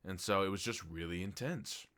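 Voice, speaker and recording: A man's voice: sits low, moderate pace, fairly bright tone. A man giving a casual spoken TV review in a blunt, heated way, swearing freely. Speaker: TV show reviewer.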